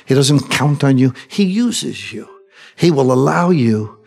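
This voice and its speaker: A man preaching from the pulpit with fervent emphasis, his voice carrying a long reverb through the hall. His pitch sits in an ordinary middle range for a man. He swings from pressing, heated lines to soft, quiet ones. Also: animated, unhurried, creaky, breathy edge. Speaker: pastor. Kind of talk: sermon.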